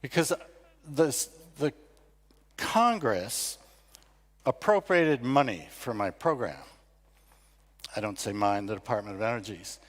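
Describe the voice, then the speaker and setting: A man's voice: medium pitch, animated, takes it slowly, long pauses. An older American man giving a conversational, self-deprecating talk at an award ceremony. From United States. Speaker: award ceremony speaker, competition founder. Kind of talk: conference speech. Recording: long reverb of a large hall.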